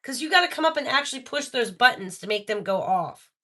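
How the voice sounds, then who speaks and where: Excitable woman on a live stream, talking to her viewers, bright tense tone. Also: on the high side, fast. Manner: excitable, talks straight to viewers. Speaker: live-stream host running a spirit box session. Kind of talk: live-stream paranormal session chat.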